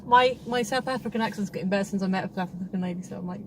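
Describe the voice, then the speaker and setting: A woman's voice: mid-range voice, rapid-fire, slight background noise. A woman hosting a casual film review chat, rambling and chatty with frequent laughs. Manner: rambling, chatty, laughs often, many restarts.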